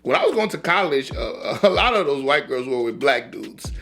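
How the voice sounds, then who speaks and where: A young adult man from Rhode Island hosting a reaction video, slangy and halting as he rambles. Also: mid-range voice, big pitch swings, gravelly, fairly bright tone, faint music behind. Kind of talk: casual reaction commentary.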